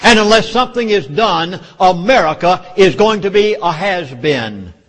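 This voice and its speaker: In a meeting hall full of listeners, a Southern US-accented public speaker delivers an urgent, emphatic lecture, the room adding a long reverb. He has a high, fairly bright voice, animated but measured in pace.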